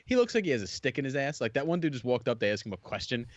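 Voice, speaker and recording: A man co-hosting a casual movie commentary, laughing often and telling rambling, animated stories. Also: medium pitch, very fast, no room sound, highs cut off. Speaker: co-host.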